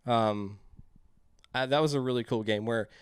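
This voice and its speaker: A man's voice: mid-range voice, normal speed, clean tone, no room sound. Dry-voiced man streaming a game. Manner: chatty, reads game text aloud, jokes with chat. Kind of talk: casual game commentary and reading on-screen text.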